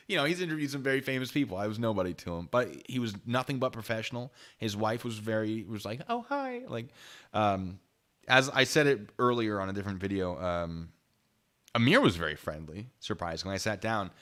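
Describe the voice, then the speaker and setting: A man with a fairly low voice tells a story to his live chat in a loose, casual way. He laughs often and restarts his sentences as he rambles along. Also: a bit bright. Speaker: YouTube channel host.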